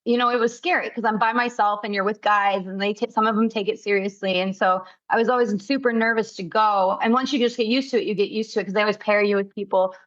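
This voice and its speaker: A candid, easygoing woman in her thirties chats on a podcast and giggles often. Her voice is mid-pitched, and the recording sounds a little dull and muffled. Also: fairly even intonation, quick pace, few pauses, a bit bright. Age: 30s. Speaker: podcast co-host. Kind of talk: casual chat.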